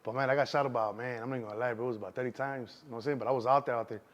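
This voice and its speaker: Speaking rapid-fire at a medium pitch with fairly even intonation, this middle-aged Chicago man tells street-slang stories as a guest in an interview. The recording is muffled, and "you know what I'm saying" comes up again and again.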